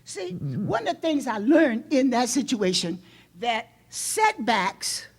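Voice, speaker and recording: A woman pastor preaches in a church, her plain in every line. Her voice is husky and sits fairly high, with pitch that climbs and plunges. She swings from loud outbursts down to near whispers. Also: sing-song, measured pace. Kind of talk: sermon.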